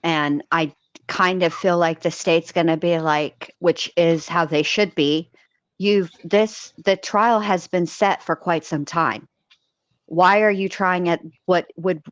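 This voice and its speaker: A woman's voice: on the low side, fairly even intonation, slow pace, no room sound, muffled recording. A woman in casual conversation about a criminal case, rambling with fillers and restarts. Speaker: co-host discussing a criminal case. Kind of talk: casual chat.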